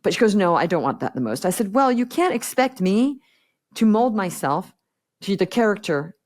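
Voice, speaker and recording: A woman's voice: mid-range voice, big pitch swings, normal speed, a little mellow. Blunt, direct woman coach. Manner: blunt, direct, acts out quoted exchanges. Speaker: guest business coach. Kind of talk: podcast interview conversation.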